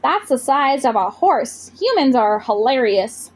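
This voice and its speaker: A woman voicing a friendly male forest monster who talks calmly and cheerfully in a storybook read-aloud. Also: sits high, measured pace, breathy edge, heavily acted. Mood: friendly, amused. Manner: calm, cooing and amused.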